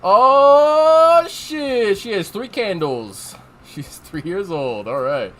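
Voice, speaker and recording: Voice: medium pitch, very animated, takes it slowly. Joking, casual let's-play streamer.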